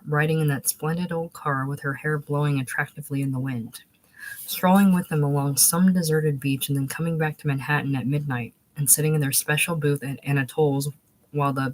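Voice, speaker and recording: A woman reads a novel aloud as an audiobook narrator, with a measured, even storytelling delivery. Her voice sits low, and the audio quality is poor.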